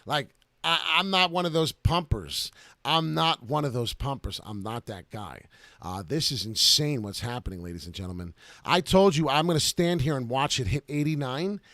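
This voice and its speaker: A man's voice: mid-range voice, fairly bright tone, no echo. Brash hyped crypto trading guy, dry mic. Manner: hyped, brash, talks over charts while trading live. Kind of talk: live market commentary to viewers.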